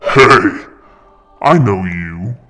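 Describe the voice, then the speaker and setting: A man voicing a huge, cruel ape-man gunner who taunts his victims in a low, mocking voice. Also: lively intonation, very slow, sharp tone, heavily acted.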